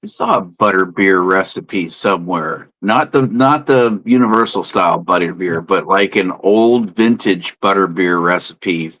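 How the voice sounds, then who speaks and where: A man taking part in a relaxed podcast chat, dropping wry, deadpan jokes. His voice is on the low side and the sound is dry and close. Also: a little slow, hardly any pauses, dry recording, low-quality recording. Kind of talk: casual chat.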